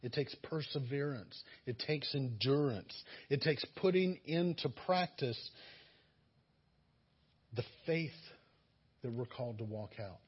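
A man's voice: medium pitch, measured pace, pauses often, husky, highs cut off. A man preaching a sermon, earnest and exhorting, sometimes acting out the voices of listeners. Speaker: pastor.

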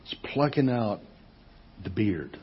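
Husky-voiced man preaching a lively sermon. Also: on the low side, takes it slowly, muffled recording. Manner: animated, conversational preaching with rhetorical questions. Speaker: pastor.

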